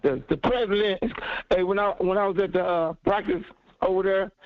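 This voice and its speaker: A man's voice: high-pitched, fairly even intonation, brisk, no echo. A man calling in to a sports talk show, insistent and fired up, repeating his points over and over. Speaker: caller. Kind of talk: heated call-in sports talk. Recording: dull lo-fi phone-in audio.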